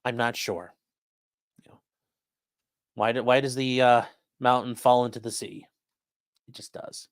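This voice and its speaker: A man's voice: mid-range voice, little pitch movement, measured pace, pauses often, clean tone, dry recording. Casual male livestream host, dry close sound. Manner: loose and conversational, many fillers, repeats phrases. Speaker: host of a legal commentary livestream. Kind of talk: casual livestream chat reading viewer comments.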